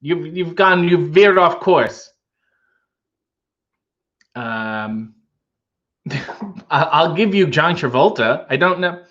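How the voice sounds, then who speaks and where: A man's voice: fairly high pitch, lively intonation, a little slow, long pauses, fairly bright tone, highs cut off. A Canadian man hosting a livestream from home, reading viewer comments with dry, joking asides. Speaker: livestream host. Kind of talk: casual chat reading comments.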